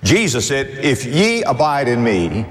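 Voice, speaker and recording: A man preaching a sermon with emphatic rhetorical questions and sweeping pitch swings. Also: sing-song, unhurried, in a large hall.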